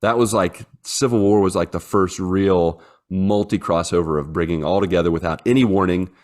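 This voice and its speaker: Podcast co-host, man, 30s, very low voice, chatty storyteller with lots of fillers. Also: steady tone, a little fast, darkish tone. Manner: rambling storyteller, many fillers, acts out his dogs in silly voices. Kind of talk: casual chat.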